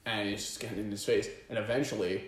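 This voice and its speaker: A young man co-hosting a casual comedy podcast, a lively storyteller who does loud impressions. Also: on the low side, fast, reverberant, a little hiss or hum. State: hoarse from a lost voice. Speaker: podcast co-host.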